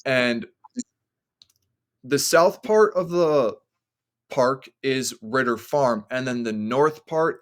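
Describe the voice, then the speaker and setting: Male podcast guest, casual rambling storyteller, middle-range voice, leans on filler words. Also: medium pitch. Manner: rambling, heavy use of "like" fillers.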